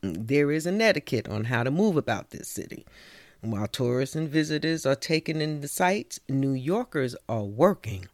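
A woman's voice: very deep voice, sing-song, normal speed, a little mellow, dry recording, studio quality. A woman from New York with a New York accent, reciting a spoken-word poem and then chatting casually, laughing often and saying "you know" a lot. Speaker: spoken-word poet and storyteller.

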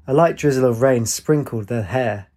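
A man narrating an audiobook in a husky, slightly breathy voice at a middling pitch. His reading is steady and plain, moving evenly through the story. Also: moderate pace.

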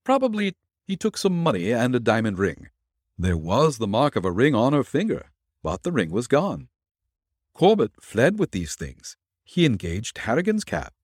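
A man's voice: medium pitch, wildly swooping pitch, moderate pace, no echo, clean studio sound. A man voicing a blustering police superintendent in an audiobook, emphatic and pressing.

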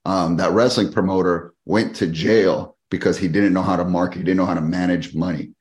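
A man with a very low, deep voice tells a story as a podcast guest. He keeps the story moving quickly and animatedly, and he is middle-aged. His tone is casual and conversational. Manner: animated, fast-paced storyteller who acts out quoted people. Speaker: podcast guest, fitness business owner.

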